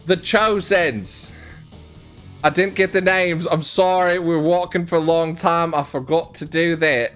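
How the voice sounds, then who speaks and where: A loud, blustering sea captain with a raised, pushed-up voice, as a man puts him on for a tabletop game. He rambles through an introduction and apologizes while he fumbles it. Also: fairly high pitch, steady tone, a little slow, smooth, faint music behind, voice pushed up. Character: pompous male Triton captain, blustering.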